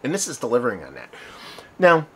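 A man's voice: medium pitch, huge pitch swings, fast talker, breathy edge. A man hosting a casual beer review video, talking in a loose, rambling way and often correcting himself mid-sentence. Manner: rambling, conversational, self-correcting.

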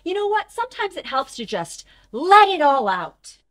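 A woman hosting a toddler show, gentle and sing-song with exaggerated wonder, talking to a cartoon snowman. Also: high voice, big pitch swings, normal speed. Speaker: children's show host. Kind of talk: children's show presenting. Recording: music under voice.

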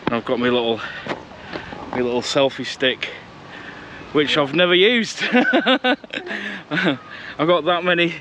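A man's voice: on the high side, slow pace, pauses often, pushed and bright, slight background noise. A man chatting casually and rambling a bit as he vlogs a seafront walk, recorded outdoors on a handheld action camera. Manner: chatty and rambling, with easy laughs. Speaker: vlogger. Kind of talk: casual walking vlog. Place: outdoors on a seaside promenade.

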